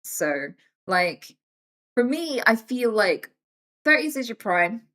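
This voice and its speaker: A woman in her thirties talking casually on a live stream, animated and swearing freely. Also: a little high, takes it slowly. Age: 30s. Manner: animated and swearing, acts out quoted voices.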